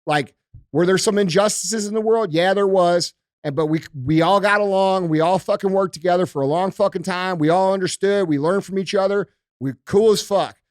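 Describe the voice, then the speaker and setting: A man's voice: sits high, moderate pace, no room sound, clean studio sound. A man hosting a podcast, ranting emphatically and heatedly with heavy profanity. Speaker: podcast host. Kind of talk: casual podcast rant.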